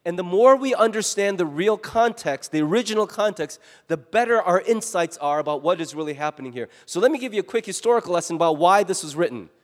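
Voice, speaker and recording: A man preaching a sermon to his congregation, lively and animated, acting out voices as he goes. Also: high voice, fast talker, hardly any pauses, big-room sound. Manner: animated, acts out quoted voices. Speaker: pastor.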